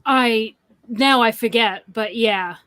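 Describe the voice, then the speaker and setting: A woman's voice: on the high side, a bit bright, no echo. A woman co-hosting a horror review podcast, reading out listener questions in a casual way. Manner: unhurried, reads listener questions. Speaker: podcast co-host.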